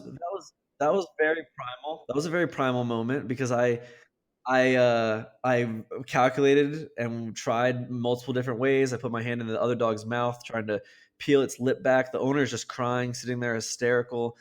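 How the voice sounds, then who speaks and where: A man co-hosting a podcast, telling a story in a lively, casual way with frequent swearing. His voice sits at a middle pitch, natural and unforced. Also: normal speed. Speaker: podcast co-host.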